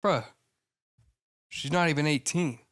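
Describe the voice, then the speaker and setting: A man's voice: a little high, a little slow, fairly bright tone. A young man with a Midwestern accent, co-hosting a podcast in loose, slangy banter, laughing often. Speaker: podcast co-host. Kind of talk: casual chat.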